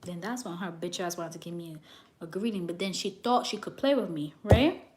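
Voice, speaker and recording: A young woman who works as a psychic reader, telling a story to her viewers in a brash, animated way and swearing freely. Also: on the low side, fairly quick, background noise.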